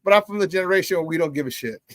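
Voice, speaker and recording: A man's voice: a little high, animated, rapid-fire, no echo. A middle-aged man hosting a live morning sports talk show, hyped and boisterous, laughing often as he reads out viewer comments.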